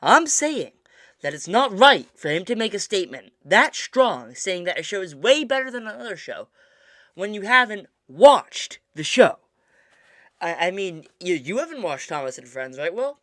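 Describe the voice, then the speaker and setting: A man's voice: sits high, sing-song, moderate pace, fairly bright tone, no echo. Male co-host, casual chat, frequent restarts, dry studio sound. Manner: stammering restarts, mock-serious indignation. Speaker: podcast co-host.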